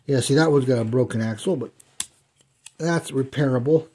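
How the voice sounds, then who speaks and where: A man in his fifties with a slightly husky, breathy voice at a middling pitch. He talks through his die-cast car haul at home in an easygoing, meandering way, with frequent ums and uhs. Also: normal speed. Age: 50s. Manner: relaxed and rambling, with many ums and uhs. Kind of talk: casual unboxing vlog. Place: indoors at home.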